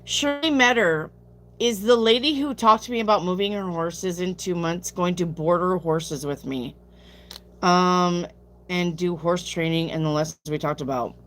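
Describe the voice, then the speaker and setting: A woman's voice: fairly low pitch, a little slow, fairly bright tone, slight background noise. Sleepy, chatty woman tarot reader. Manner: chatty, reads viewer questions aloud and answers bluntly. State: sleepy, yawning. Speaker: tarot reader answering live chat questions. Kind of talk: casual live-stream chat.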